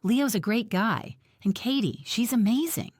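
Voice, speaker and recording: A woman's voice: on the high side, a little slow, breathy edge, dry recording, clean studio sound, pitched above the performer's own voice. A woman voicing a friendly, enthusiastic woman neighbor in an audiobook. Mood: gushing.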